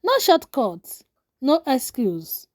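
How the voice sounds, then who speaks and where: Brief: composed empire-building mother, read by a woman, slow firm lines, dry close sound. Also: sits high, big pitch swings, no echo, full character voice. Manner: measured, firm declarations. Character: calm, commanding mother who built an empire.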